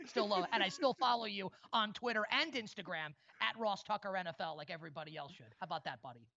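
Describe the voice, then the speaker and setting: A man's voice: high-pitched, quick pace, gravelly, bright, forceful tone. Teasing man on lo-fi video call. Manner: teasing, joking, profane. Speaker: podcast host. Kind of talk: casual sports podcast banter.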